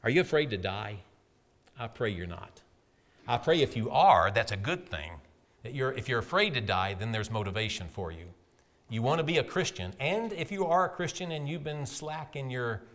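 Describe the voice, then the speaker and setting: A middle-aged man preaching a sermon with earnest emphasis, rising to loud peaks and dropping to soft, quiet endings. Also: medium pitch.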